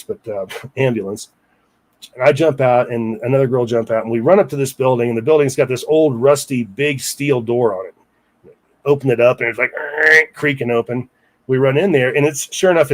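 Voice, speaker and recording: A man's voice: medium pitch, darkish tone. Guy telling a long story in an interview, talks loose and chatty, asides to listeners. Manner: rambling, with many restarts and asides to listeners. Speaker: guest storyteller.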